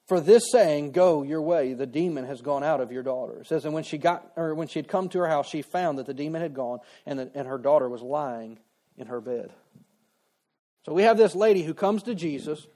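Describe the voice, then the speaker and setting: A man's voice: on the high side, warm tone. A man preaching a sermon in a conversational way, acting out quoted voices as he retells a story. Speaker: pastor.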